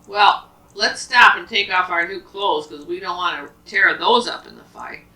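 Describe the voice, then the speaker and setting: A woman voicing vain, boastful male tigers in a spoken children's story, booming and threatening, recorded from a distance in an echoey room. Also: moderate pace, pushed and bright. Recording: roomy, from a distance.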